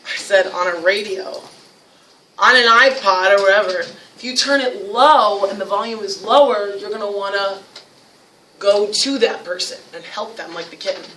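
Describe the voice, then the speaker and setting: A woman with a North Jersey accent leading a teacher training workshop, lively and acting out classroom scenes. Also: mid-range voice, moderate pace, a little hiss or hum. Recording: echoey room, mic from far off.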